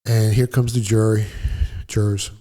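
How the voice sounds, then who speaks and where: A middle-aged man telling a personal story in a blunt, profane, animated way, as a guest in a casual interview. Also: on the low side, a little slow.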